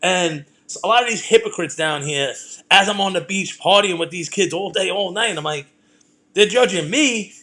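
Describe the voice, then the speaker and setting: A man's voice: sits high, normal speed, sharp tone. A middle-aged man, ranting in a profane, rambling way as he hosts a casual talk show. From Brooklyn, New York. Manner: profane, rambling, heated storytelling. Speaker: podcast host.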